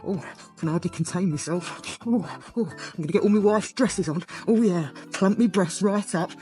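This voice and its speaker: A woman voicing a giddy middle-aged British man with a breathy, giggly way of talking, in a comedy sketch monologue. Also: lowish voice, normal speed, soft background music, close to an everyday voice. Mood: giddy, naughty. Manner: breathy, giggly, excitable oohs and ahs.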